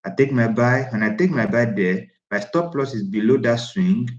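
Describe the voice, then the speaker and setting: A man's voice: medium pitch, moderate pace. Emphatic man teaching trading in a roomy room. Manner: repetitive, emphatic, restarts phrases while pointing at a chart. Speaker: trading instructor. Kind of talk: screen-share trading lesson. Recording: roomy, slightly dull lo-fi audio.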